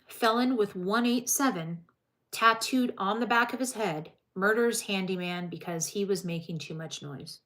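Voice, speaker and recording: A woman's voice: mid-range voice, moderate pace, a bit bright. A woman hosting a livestream, reading crime news aloud and breaking off to chat with her viewers in a loose, casual way.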